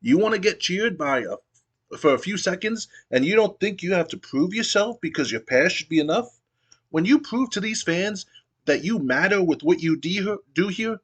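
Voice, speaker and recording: A man's voice: on the high side, a bit bright, slightly rough, pitched above the performer's own voice. A man voicing a stern veteran male wrestler lecturing a younger rival. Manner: lecturing, earnest.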